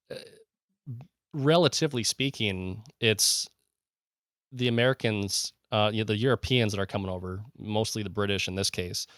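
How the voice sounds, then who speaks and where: A man's voice: on the low side, fairly bright tone, dry recording, studio quality. A man co-hosting a casual podcast, talking eagerly and rambling, with many fillers and restarts. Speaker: podcast co-host.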